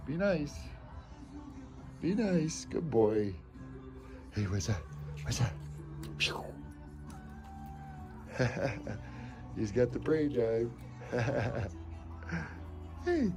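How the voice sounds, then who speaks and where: A man hosting a casual live stream at home, coaxing his pets in a high sing-song voice and dropping in Spanish words. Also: very animated, extremely slow, pauses often, over music. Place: home kitchen.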